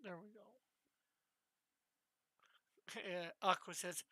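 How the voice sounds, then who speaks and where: A woman who hosts a live drawing stream and works as a comic artist chats casually, wandering from topic to topic and giggling along the way. Her medium-pitched voice is sharp and smooth, a little slow, with no room sound.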